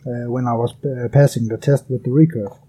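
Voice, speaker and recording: A Danish man speaks English as his second language, answering carefully with frequent pauses and fillers. His voice is very dark and mellow, with a husky edge. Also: medium pitch, fairly even intonation. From Denmark. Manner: hesitant, many uh fillers, careful phrasing. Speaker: guest, bow hunter. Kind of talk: casual interview.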